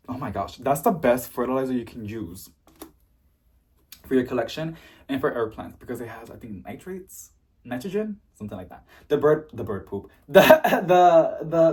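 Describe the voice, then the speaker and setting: Bubbly, husky-voiced young man gushing. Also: mid-range voice, animated, normal speed, a little mellow. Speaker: plant vlogger. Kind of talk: casual unboxing vlog.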